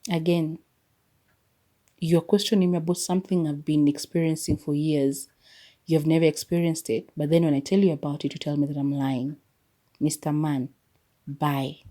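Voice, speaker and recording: A woman's voice: deep voice, little pitch movement, normal speed, long pauses, mellow. A young woman hosting her own podcast, chatting casually and animatedly, laughing often and slipping between English and Swahili. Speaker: podcast host. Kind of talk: casual solo podcast chat.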